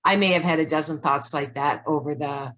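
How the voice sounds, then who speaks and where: Deep-voiced, brisk and a bit bright, a woman co-hosts a laid-back self-help conversation over video call. She's reflective and searching, often using "like" while working through her thoughts aloud.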